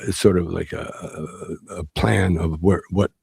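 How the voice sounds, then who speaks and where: A man with a deep, rough-edged voice tells a long story as a guest in a conversation. He talks haltingly, circling back and restarting his sentences. His voice sounds dry and close. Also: very animated, a little mellow, no echo. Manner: halting, with many restarts and fillers. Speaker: interview guest. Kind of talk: rambling storytelling.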